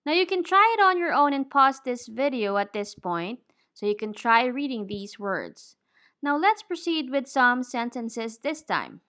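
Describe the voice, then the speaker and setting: A woman teaching English pronunciation, modeling words slowly and clearly for learners to repeat. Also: sits high, lively intonation, pushed and bright. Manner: slow, clear, drawn-out word modeling.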